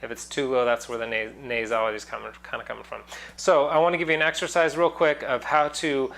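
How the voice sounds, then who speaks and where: A man's voice: mid-range voice, flat delivery, quick pace, gravelly, a bit bright. A man teaching singing in a casual online lesson, explaining loosely with many fillers and breaking into sung demonstrations.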